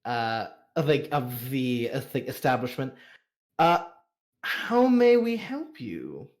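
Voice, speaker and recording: A man voicing a flustered, fawning woman who runs a brothel, greeting guests with a coy, theatrical, drawn-out welcome. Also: mid-range voice, very animated.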